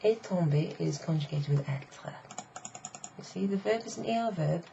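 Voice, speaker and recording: A middle-aged woman teaching a casual online French lesson, chatty and explaining step by step while repeating phrases slowly. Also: lowish voice, lively intonation, vocal fry, warm tone. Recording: slightly dull lo-fi sound with faint noise.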